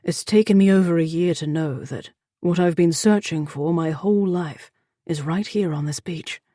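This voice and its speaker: A woman voicing a gruff but tender barbarian man, speaking in a low, roughened, earnest way. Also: moderate pace, warm tone, dry recording, clean studio sound, close to an everyday voice.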